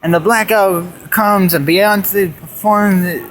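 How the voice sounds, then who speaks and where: Slow-talking high-voiced young man. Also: steady tone, a bit bright. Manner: rambling, jumps between jokes and put-on voices. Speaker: amateur comedian. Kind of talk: rambling comedy monologue. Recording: faint background noise.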